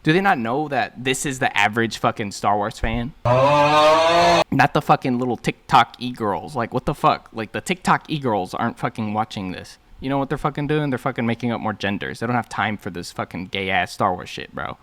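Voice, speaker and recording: A man's voice: medium pitch, brisk, few pauses, fairly bright tone. A man ranting profanely as an online commentator, swearing heavily and leaning on "bro" and "like". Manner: heavy swearing, lots of "bro" and "like".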